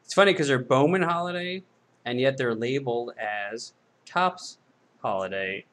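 Male host, casual sales patter, mid-pitched voice, drifts into goofy self-deprecating asides. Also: moderate pace, a bit bright. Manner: rambling, self-mocking jokes. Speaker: host of a card-break sales video.

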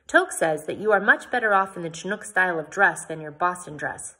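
A woman voicing a formal gentleman explaining local customs. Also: fairly low pitch, animated, a little fast, slightly rough, heavily acted. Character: genteel, explanatory pioneer gentleman.

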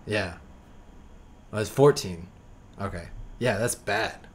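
Low-voiced man rambling on a podcast. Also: moderate pace. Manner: rambling, filler-heavy, self-doubting. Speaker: podcast host. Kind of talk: casual trailer reaction chat. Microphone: streaming mic.

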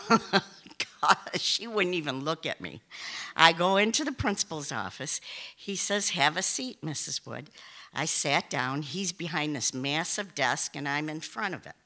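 A woman telling a personal story to a live audience, animated, often laughing and exclaiming. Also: deep voice, unhurried.

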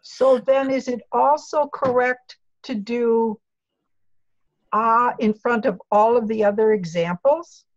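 Slow-speaking woman student on muffled audio. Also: on the high side. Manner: asks questions.

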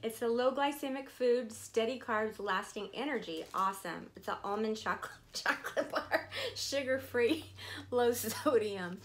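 A woman's voice: on the high side, slight background noise. A woman vlogging casually as she unboxes gifts, gushing and emotional, at times tearful. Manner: slow, drawn-out delivery. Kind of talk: casual chat to camera.

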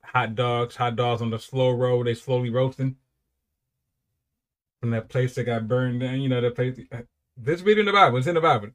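A man's voice: medium pitch, normal speed. A young man giving casual, rambling commentary while reacting to music, with frequent repeated praise.

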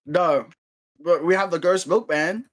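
A man's voice: high voice, measured pace. A man chatting casually while streaming a game. He teases, repeats himself and laughs often. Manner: teasing, giggly, repeats himself. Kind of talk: casual gaming chat.

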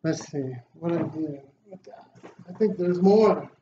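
Casual vlog host, male, slow, excitable and grateful; dull lo-fi recording. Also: on the high side. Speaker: fishing channel host. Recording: slightly dull lo-fi sound, faint noise.

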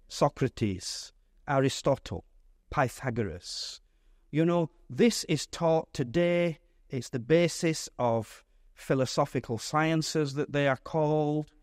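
A man, a pastor, teaching a Bible study in a lively, conversational way, putting questions to his audience. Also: a little high, slow, dry recording, clean studio sound.

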